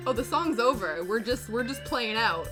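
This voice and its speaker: A woman's voice: a little high, lively intonation, normal speed, over music. A woman hosting a casual livestream, chatty and self-mocking as she crafts and chats. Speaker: livestream host.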